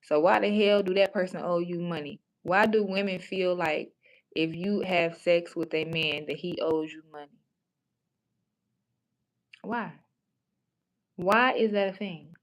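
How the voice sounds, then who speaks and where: Woman livestream host, slightly low voice, blunt and profane, rambling casual chat. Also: unhurried, long pauses. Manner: rambling with many restarts.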